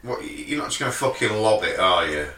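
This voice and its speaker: Man, podcast co-host, animated swearing banter, bright tense voice, distant, roomy. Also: fairly low pitch, fast talker. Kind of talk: casual chat. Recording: roomy recording from off-mic.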